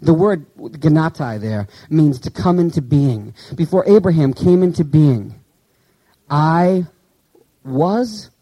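A man preaching a sermon in a conversational way, asking his listeners questions and slowly reading out Greek words. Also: on the high side, lively intonation, mellow, rough recording. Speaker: pastor.

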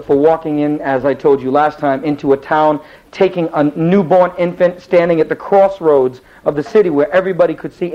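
Brief: male Bible teacher, lively storyteller, higher-pitched, muffled lo-fi recording. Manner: lively, rambling, many restarts. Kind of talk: animated Bible storytelling lesson.

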